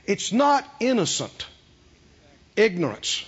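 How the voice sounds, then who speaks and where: A man preaching a sermon with energy. He throws questions to the congregation and acts out the quoted voices with big swings in loudness. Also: sits high, a little slow, pauses often, breathy edge, dull audio. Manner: animated preaching with call-and-response questions to the congregation. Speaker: pastor.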